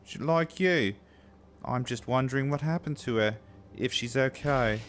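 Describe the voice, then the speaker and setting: A man's voice: mid-range voice, a little slow, a bit bright, a little hiss or hum, voice pushed up, lightly acted. A man voicing a worried game townsperson, speaking hesitantly about a missing girl.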